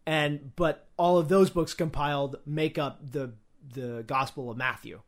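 A man's voice: on the high side, steady tone, unhurried. A young man co-hosting a casual podcast, reading from his notes with frequent fillers and restarts. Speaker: podcast co-host.

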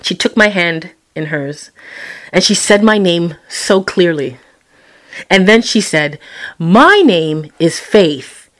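A woman telling a personal story, expressive and acting out her own quoted words with sudden jumps in pitch and loudness. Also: takes it slowly. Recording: roomy echo.

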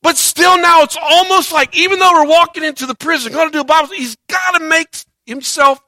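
A man preaching a sermon as a pastor, animated, swinging between loud and soft and acting out quoted voices. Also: very high-pitched, brisk, hardly any pauses, no echo.

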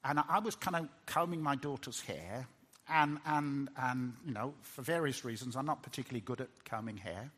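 A middle-aged man preaching a sermon in an earnest way, often restarting words and swinging from loud emphasis to hushed tones. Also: medium pitch, brisk.

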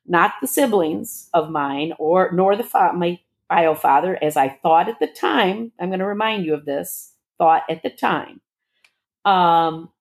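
Middle-aged woman, personal storytelling, animated, voices the dialogue with big pitch jumps. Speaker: guest telling her story.

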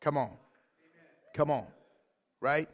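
A man's voice: on the high side, takes it slowly. A man preaching a sermon as pastor, in a casual, conversational way, often saying "man" and "like".

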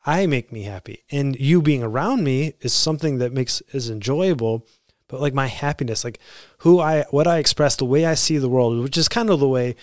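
A man's voice: medium pitch, normal speed, dry recording. Guy in his 30s doing a solo podcast, earnest, kinda rambly, stops and restarts a lot, dry close sound. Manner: earnest, conversational, self-correcting. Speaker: podcast host. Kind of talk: reflective podcast monologue.

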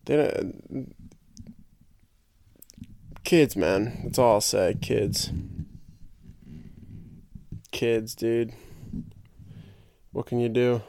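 A man's voice: mid-range voice, extremely slow, vocal fry, long pauses, a little mellow. A young man hosting a podcast, rambling and joking in casual solo chat and tripping over his own words. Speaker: podcast host.

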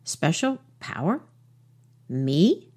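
A woman's voice: sits low, sing-song, very slow, warm tone, slightly rough, exaggerated voice. A woman voicing a small, timid male mouse who stammers in a storybook tale.

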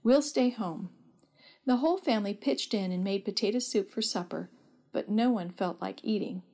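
A woman reads a family story aloud with a steady, gentle delivery. Her narration is plain and even-paced, in a storytelling style. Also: medium pitch, brisk.

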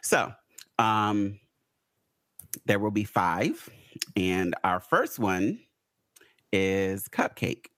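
A man's voice: fairly low pitch, very slow, long pauses, no echo, clean studio sound. A man hosting a podcast, telling stories in casual chat and acting out other people's voices. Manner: animated storyteller, acts out voices. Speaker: podcast host.

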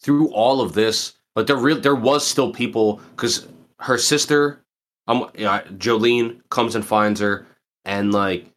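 Podcast co-host, male, low-pitched, reflective and unhurried, halting delivery. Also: fairly even intonation, a bit bright. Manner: thoughtful, searching for words, many fillers. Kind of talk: casual chat.

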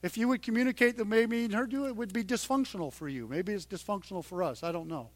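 A middle-aged man preaching a sermon in a conversational way, dropping to a hush and then rising loud and emphatic. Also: sits high, fast, no echo. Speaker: pastor.

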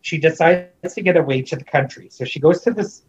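A man's voice: fairly high pitch, fairly quick, highs cut off, slight background noise. A man recapping a movie in casual chat, rambling with lots of fillers and restarts, amused and disbelieving. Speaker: podcast co-host recapping a movie.

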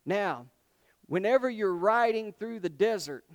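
Brief: male preacher, high and clear, conversational sermon. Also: expressive, unhurried. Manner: conversational, asks the congregation questions.

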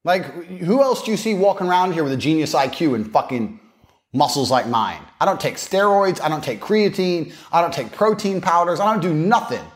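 Brash man for a podcast rant, fairly high and very expressive, swaggering and crude. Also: moderate pace. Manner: swaggering, mocking, profane. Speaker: podcast speaker. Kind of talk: boastful monologue.

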